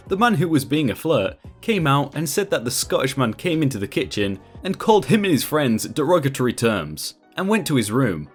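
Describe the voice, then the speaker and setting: A man hosting a channel and reading Reddit stories aloud in a lively, conversational way. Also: medium pitch. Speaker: host.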